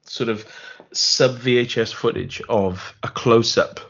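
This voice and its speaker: A man's voice: mid-range voice, fairly even intonation, measured pace, gravelly, fairly bright tone, breathy edge. A man co-hosting a podcast, chatting casually about films, rambling and laughing often. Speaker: podcast co-host. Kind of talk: casual film chat. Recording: dull lo-fi sound.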